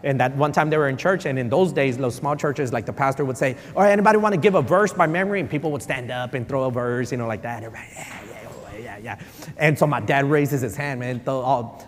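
A man in his forties, a pastor, preaching a sermon with animated storytelling and repetition for emphasis, slipping into Spanish. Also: mid-range voice, fairly quick, hardly any pauses. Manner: animated storytelling, repeats for emphasis, code-switches. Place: church sanctuary. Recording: reverberant church hall.

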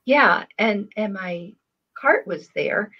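A woman's voice: mid-range voice, animated, slow pace, slightly rough, muffled recording. An older woman in casual conversation, telling stories with hesitant restarts and fillers. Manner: rambling, hesitant storyteller. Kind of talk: casual chat.

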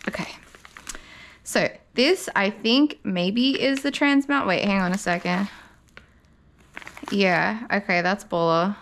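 A woman's voice: medium pitch, a bit bright, slight background noise. A woman doing a car parts unboxing vlog, gushing and swearing casually as she pulls parts out. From Australia. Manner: gushing, swears often, slow-paced. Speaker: car vlogger.

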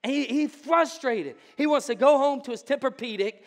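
A pastor preaching a sermon, joking with the congregation and building to fervent, emphatic preaching in a church. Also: male voice, very high voice, moderate pace. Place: church sanctuary. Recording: church hall with long reverb.

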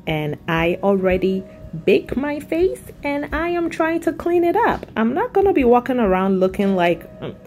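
A chatty woman talks her viewers through a makeup routine. Her voice sits at a middle pitch but swings up and down a lot as she tells an animated story. Soft music plays faintly behind her. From Africa. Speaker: makeup vlogger. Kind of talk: casual chat while doing makeup.

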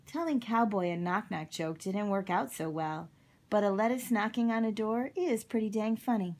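A mom reading a children's picture book aloud. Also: female voice, mid-range voice, moderate pace, a little mellow, slight background noise. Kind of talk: storybook read-aloud.

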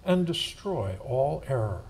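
A man reading religious texts aloud at a church service, slow and solemn. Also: medium pitch, big pitch swings, darkish tone, a little hiss or hum.

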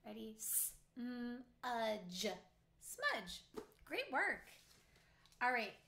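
A woman teacher leading a phonics lesson for young children, clearly sounding out words letter by letter. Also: on the high side, lively intonation, measured pace, sharp tone, a little hiss or hum. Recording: echoey room.

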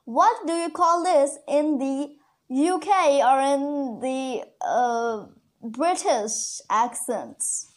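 Key English words get slow repetition from this woman in her chatty web lesson for learners. She's a first-language Urdu speaker with a high voice.

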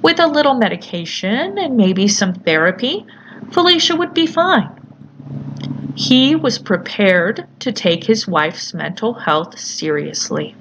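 A woman narrating a horror story in a measured, deliberate storytelling manner. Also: medium pitch, sing-song, a bit bright. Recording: slightly muffled with faint hiss.

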